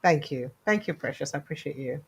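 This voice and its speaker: A woman's voice: low voice, expressive, fairly quick, slightly rough. A Nigerian woman hosting a livestream call-in show, chatting casually and switching into Pidgin as she thanks callers and urges viewers to subscribe. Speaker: livestream host.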